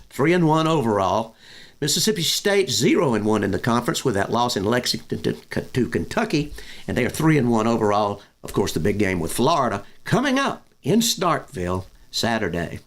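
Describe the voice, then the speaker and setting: A man talks through his football picks in a loose, folksy way. He is dryly sarcastic and often stops to restart a phrase. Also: medium pitch. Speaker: sports podcast host. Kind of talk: casual football predictions talk.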